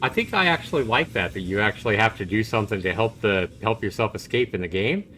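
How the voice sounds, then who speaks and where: A man's voice: on the low side, fast, slight background noise. A man streaming a visual novel, reading its text aloud and commenting casually. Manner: casual, reactive, animated reading.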